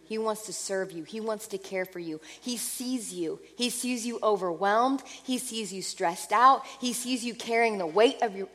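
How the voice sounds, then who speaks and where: A woman preaching a sermon earnestly, moving between lively passages and soft, hushed ones. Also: mid-range voice, big-room sound.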